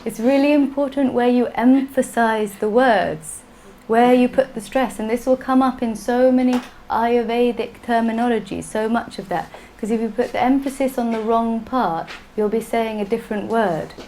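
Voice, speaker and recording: A woman's voice: on the high side, steady tone, moderate pace, dark tone, a little hiss or hum, rough recording. A woman teaching a class, patient and playful, often laughing. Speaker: Sanskrit teacher. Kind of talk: classroom lesson.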